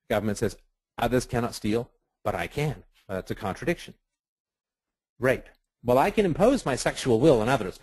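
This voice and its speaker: Guy lecturing on a webinar, husky voice, dry sound, lots of rhetorical "right?" and acted-out quotes. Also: lowish voice, dry recording, rough recording. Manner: animated, rhetorical, acts out quoted voices with laughs. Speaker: webinar speaker.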